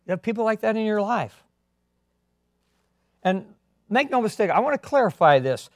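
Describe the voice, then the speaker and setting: A man preaching a sermon as a pastor, earnest, swinging between emphatic and quiet delivery. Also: high-pitched, sing-song, moderate pace, no echo, clean studio sound.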